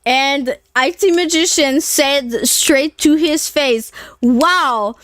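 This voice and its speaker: A woman in her late twenties talks to her live chat in a slow, slightly high voice. She is blunt and foul-mouthed, and her speech is full of casual fillers. The sound is dry and close, with no room echo. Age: late 20s. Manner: blunt and profane, with frequent fillers. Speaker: streamer.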